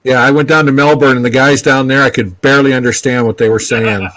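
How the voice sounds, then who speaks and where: A man in his sixties telling easygoing, rambling stories in a casual chat, at a middle pitch for a man. His voice sounds dry and close, with no room around it. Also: steady tone, fast talker, fairly bright tone, no room sound, poor audio. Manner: laid-back rambling storyteller.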